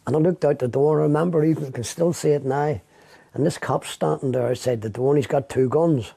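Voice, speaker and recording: Male interviewee, gravelly husky voice, dry close mic, vivid storyteller for a documentary. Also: on the high side, quick pace, mellow, no echo. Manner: vivid storytelling, acts out quoted speech. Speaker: interviewee recounting his arrest. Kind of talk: documentary testimony.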